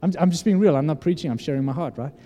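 A man's voice: fairly high pitch, racing, warm tone, dull audio. Guy preaching a sermon, talks earnest and casual, big hall echo. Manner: earnest, conversational preaching with frequent restarts. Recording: long hall reverb.

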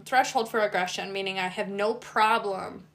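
A woman dog trainer hosting a casual chat, animated, swearing freely and acting out what dogs would say. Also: mid-range voice, normal speed. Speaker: dog trainer and podcast host.

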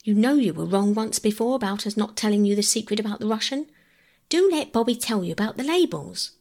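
A woman voicing a tearful, impulsive little girl who whines, with a husky, gravelly voice. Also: mid-range voice, lively intonation, brisk, darkish tone, voice pushed up. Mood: whining. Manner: whining, tearful.

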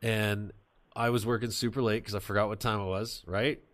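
A man with a fairly low voice hosts a casual podcast chat. He tells stories in an animated, profane way, full of swearing and acted-out quotes. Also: fairly quick. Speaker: podcast host.

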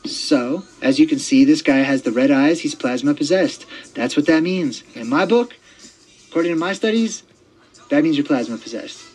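A man hosting his own podcast, talking in a rambling, excitable casual monologue full of fillers and restarts. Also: fairly high pitch, normal speed, soft background music, low-quality recording. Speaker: podcast host.

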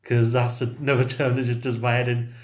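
A man's voice: mid-range voice, flat delivery, brisk, a little mellow. A man co-hosting a casual podcast, blunt and jokey and prone to swearing. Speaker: podcast co-host. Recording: echoey room.

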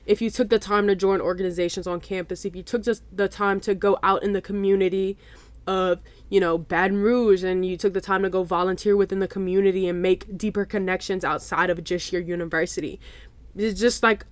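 A woman's voice: medium pitch, steady tone, brisk, dry recording. Chatty young woman podcast host. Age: 20s. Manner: chatty, fillers like "like" and "y'all". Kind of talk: casual solo podcast talk.

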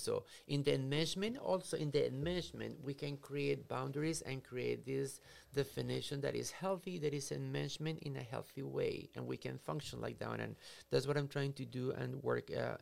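Male psychotherapist, middle pitch, very gravelly, lively explainer. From Latin America. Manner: animated, acts out scenarios in quoted voices. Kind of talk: explanatory conversation.

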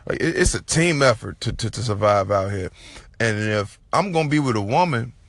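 Gravelly, low-voiced man talking freely. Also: animated, moderate pace, fairly bright tone, no echo. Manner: slangy, profane, rambling. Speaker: podcast host. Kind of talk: casual solo podcast monologue.

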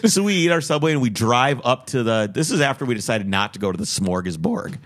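A man's voice: mid-range voice, expressive, quick pace, hardly any pauses. A young man with a Minnesotan accent co-hosting a casual chat, rambling through a story and acting out the voices of people he quotes.

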